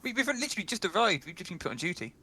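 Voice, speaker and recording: A man's voice: sits high, very animated, rapid-fire, pushed and bright, slight background noise, low-quality recording. A man playing a tabletop game, talking casually, laughing and stammering a little. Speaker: player.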